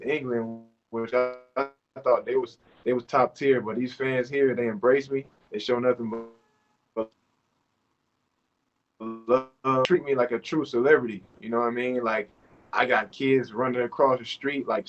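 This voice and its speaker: A man in his thirties chats loosely over a video call, his talk full of fillers as he drifts from point to point. His voice sits at an ordinary middle pitch, and the call audio comes through dull and lo-fi. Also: normal speed, soft background music. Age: 30s. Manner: relaxed and rambling, with many fillers. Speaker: overseas basketball player, guest. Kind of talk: casual interview chat.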